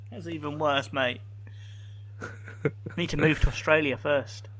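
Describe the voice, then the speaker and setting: A man's voice: fairly high pitch, steady tone, slow, a bit bright. A man hosting a comedy podcast in a casual chat, teasing his co-host and pushing him with questions.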